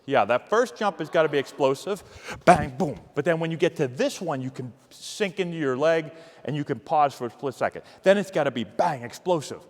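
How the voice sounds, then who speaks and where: A man coaching youth agility drills, giving energetic, encouraging cues while demonstrating. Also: a little high, brisk, in a large hall. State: out of breath. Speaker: baseball coach.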